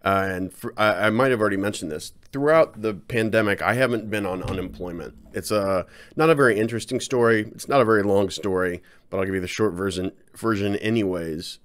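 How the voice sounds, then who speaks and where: A man talking casually to his viewers in a personal vlog, rambling and self-deprecating, halting often with fillers. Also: lowish voice. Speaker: channel host.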